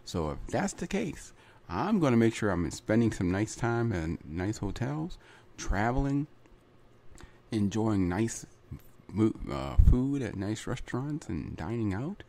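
Guy doing a solo podcast ramble, lowish mellow voice, real lively up and down, keeps saying right? and you know. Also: creaky. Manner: chatty and repetitive, tosses in "right?" and "you know". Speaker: podcast host. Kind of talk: casual solo podcast monologue.

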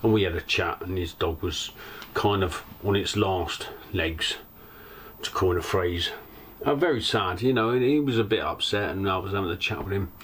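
A man's voice: low voice, moderate pace, a bit bright, a little hiss or hum. A middle-aged man vlogging about life on a narrowboat, telling rambling anecdotes and acting out other people's lines. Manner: chatty, rambling, acts out quoted voices. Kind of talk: casual storytelling monologue.

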